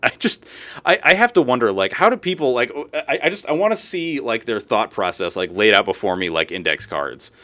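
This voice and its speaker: A man chatting on a live stream with a bright, slightly tense voice. His pitch swings widely as he talks, and he swears freely in loose, casual talk. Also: fairly quick. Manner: animated, profane, laughing. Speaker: streamer co-host. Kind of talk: casual chat.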